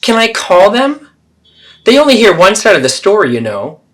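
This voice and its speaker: A man's voice: high voice, wildly swooping pitch, normal speed. A man voicing a defensive, self-pitying middle-aged mother who deflects and guilt-trips in a therapeutic role-play.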